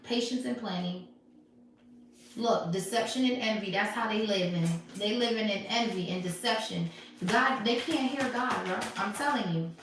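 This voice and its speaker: A woman's voice: medium pitch, moderate pace, fairly bright tone. A woman doing a live tarot reading in a sassy, emphatic way. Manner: sassy, emphatic, laughing often. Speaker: tarot reader. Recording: very echoey room, mic far off.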